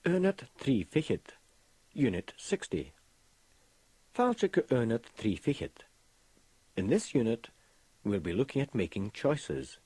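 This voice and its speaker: A man presenting a language course in scripted lesson narration, with a slow, careful teaching delivery. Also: mid-range voice, sing-song, mellow.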